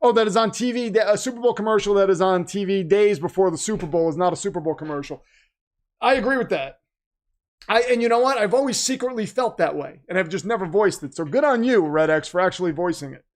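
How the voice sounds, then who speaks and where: A man with a fairly high voice hosts a casual livestream, reading viewer messages aloud. He is talkative and keyed up with nervous energy, jumping from loud bursts to quiet asides. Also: fast talker. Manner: excitable, talkative, jumps between loud and quiet. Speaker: livestream host reading super chats.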